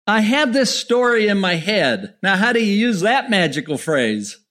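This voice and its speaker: High-voiced curious male interviewer. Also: big pitch swings, normal speed, a bit bright. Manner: friendly, curious questioner. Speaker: interview host. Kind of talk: interview host.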